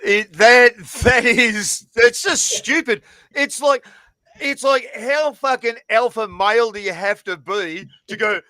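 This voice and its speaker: A man co-hosting a podcast, talking in a high, bright voice full of swearing and banter. The sound is dry and close, with no room around it. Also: slow, no room sound. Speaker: co-host. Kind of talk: casual podcast chat.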